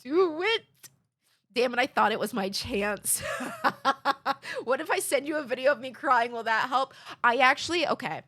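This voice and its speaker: A woman's voice: on the high side, moderate pace, pushed and bright. A young woman streamer chatting casually with her viewers, rambling, swearing and laughing at herself. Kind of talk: casual chat with chat.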